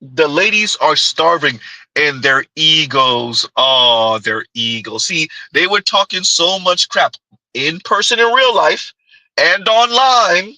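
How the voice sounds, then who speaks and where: Male host, bright, sharp tone, mocking commentary style. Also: fairly high pitch, expressive, slow, no echo, rough recording. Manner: mocking, keeps asking "Huh?". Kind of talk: reaction commentary.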